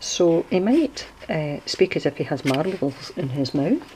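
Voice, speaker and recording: Low-voiced chatty Scottish woman. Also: big pitch swings, measured pace, dark tone, a little hiss or hum, low-quality recording. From Scotland. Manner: chatty and digressive, explaining local sayings. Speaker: crafter showing a handmade journal. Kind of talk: casual show-and-tell video.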